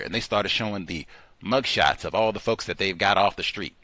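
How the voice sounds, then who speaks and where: A male host giving an animated, mocking commentary monologue, slipping into put-on voices. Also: low-pitched, moderate pace, no echo.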